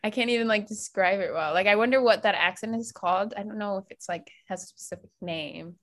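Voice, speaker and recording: A woman's voice: medium pitch, a little fast, a bit bright. An American woman hosting a podcast, chatting casually and laughing often. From United States. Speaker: podcast host. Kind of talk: casual chat.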